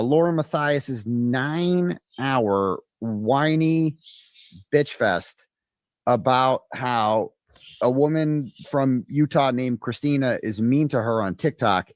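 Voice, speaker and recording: A man's voice: medium pitch, slow, no room sound. Crude, mocking male stream host. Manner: crude, profane and mocking, rambling with many restarts. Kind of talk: casual live-stream commentary.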